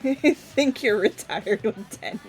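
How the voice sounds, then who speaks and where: A woman's voice: mid-range voice, unhurried. A woman co-hosting a game stream in casual chat, laughing often and hard. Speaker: streamer co-host. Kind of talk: casual chat over gameplay.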